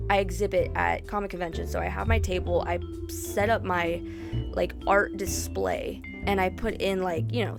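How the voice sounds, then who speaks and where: A young woman artist chatting in a casual storytime vlog, full of "like" and "dude", laughing often. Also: mid-range voice. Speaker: artist vlogger.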